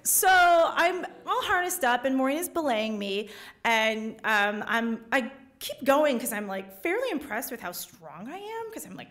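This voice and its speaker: A woman tells a comic, self-deprecating story live on stage, her fairly high voice swooping up and down. She acts out each quote with big energy. The talk runs as stage storytelling to a crowd. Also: expressive, normal speed, fairly bright tone. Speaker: reporter. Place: stage before a live audience.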